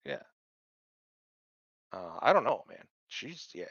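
A man talks casually as a podcast co-host, his pitch swinging wide as he riffs and swears through mocking asides. His voice sounds bright and forward. The sound is dry and a little dull, like a lo-fi recording. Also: takes it slowly, gravelly, slightly rough, no room sound. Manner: profane, animated, mocking asides. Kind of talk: casual chat reviewing a TV episode.

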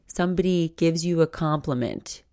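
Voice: medium pitch, moderate pace, a little mellow, smooth, no room sound, clean studio sound. Chatty speaker swearing casually. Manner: loose and chatty, swears, acts out inner voices. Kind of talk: casual explanatory talk.

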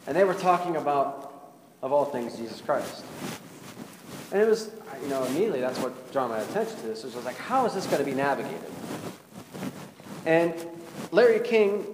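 A man's voice: medium pitch, a little hiss or hum. A male pastor preaching a sermon in a conversational way, often putting questions to the congregation. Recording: echoey hall with faint ambience.

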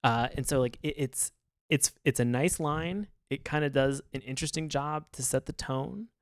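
A man co-hosting a podcast in casual chat, rambling and animated, laughing often. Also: medium pitch, normal speed, no room sound, clean studio sound. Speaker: podcast co-host.

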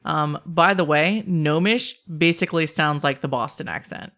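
A woman narrating as game master of a tabletop game, relaxed and quick to laugh. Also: low voice.

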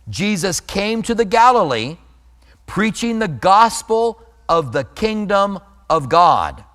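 A man with a high voice preaching a sermon, earnest and emphatic, slowing down to press key words. His voice rings with a long hall reverb. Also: a bit bright. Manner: earnest preaching with emphatic slow stresses and scripture readings. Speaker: pastor.

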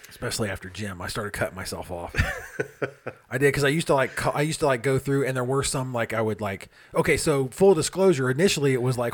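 A man co-hosting a paranormal podcast, casual and animated, swearing and laughing often. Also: medium pitch, fast. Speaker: podcast co-host.

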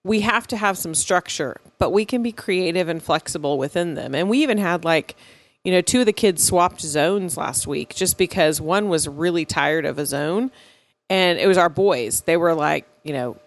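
A woman's voice: fairly low pitch, moderate pace, no room sound. An American woman co-hosting a podcast in easy, chatty talk, laughing often. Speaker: podcast co-host. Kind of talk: casual podcast chat.

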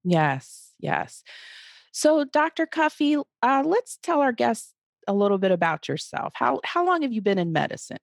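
Low, gravelly woman host, friendly and affirming, dry close sound. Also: very animated, moderate pace, no room sound. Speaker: show host. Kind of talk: casual interview hosting.

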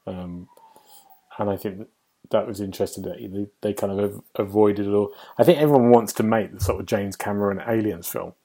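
A man with a low, husky voice chats casually on a games podcast. He muses out loud in a wry tone and lets his thoughts trail off. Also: brisk. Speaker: podcast host and game reviewer.

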